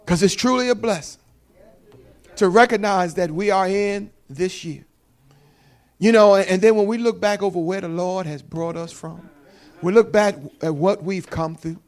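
A high-pitched man with a New Jersey accent delivers a Sunday sermon in a church. He talks quickly, swings between a soft low delivery and loud emphatic bursts, and draws the congregation into call and response. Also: poor audio. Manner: fast-talking, call-and-response preaching. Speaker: preacher. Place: church sanctuary.

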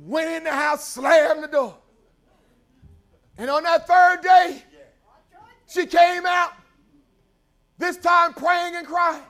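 A man preaching a story-driven sermon in a church, calling for responses and building to shouted praise. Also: extremely high pitch, fairly even intonation, slow, long pauses.

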